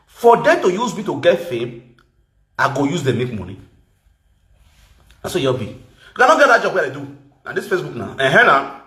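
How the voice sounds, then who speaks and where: This Nigerian man talks in a high, bright voice as he rants to camera in an echoey room. He mixes Pidgin with local words, mocking his targets and laughing along the way. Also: big pitch swings, brisk, long pauses. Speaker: social media personality. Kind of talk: animated rant to camera.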